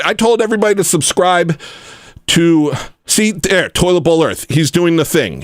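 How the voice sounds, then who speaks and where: A man hosting a casual livestream, ranting and swinging from low mumbles to loud outbursts. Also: dry recording, studio quality. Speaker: livestream host.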